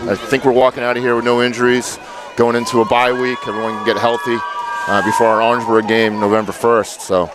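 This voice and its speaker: A man giving relaxed, chatty color commentary at a high school football game, laughing easily. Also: fast talker, a loud crowd, heavy background noise. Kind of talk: sports commentary.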